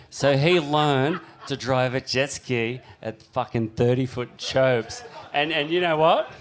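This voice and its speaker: A man's voice: unhurried, slight background noise. A man telling a big-wave surf story in casual, swearing talk. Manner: animated, swearing, shouting out high during the story.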